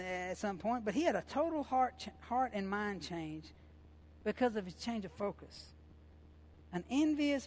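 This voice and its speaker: A man preaching a sermon as pastor, impassioned and conversational, repeating phrases and using informal, folksy grammar. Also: high voice.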